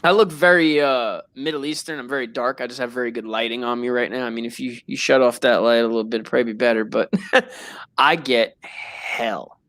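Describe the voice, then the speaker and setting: A man's voice: medium pitch, fairly quick, no room sound. A dry-sounding man hosting a casual chat. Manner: animated, laughs easily, swears in retold quotes. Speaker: show host.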